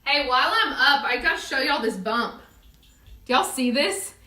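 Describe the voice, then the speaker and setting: A pregnant young woman with a drawl tells a story straight to camera, chatty and loose, scattering "like" and "y'all" through every line. Her voice is bright and ringing, sitting a touch high. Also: expressive, moderate pace, slight background noise. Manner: chatty storytelling with many "like"s, addresses viewers as "y'all". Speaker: vlogger. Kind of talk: casual chat to camera.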